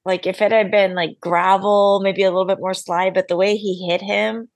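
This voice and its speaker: A woman co-hosting a podcast in casual comedic chat, chiming in with quick remarks and laughs. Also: medium pitch, little pitch movement, dry recording. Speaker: podcast co-host.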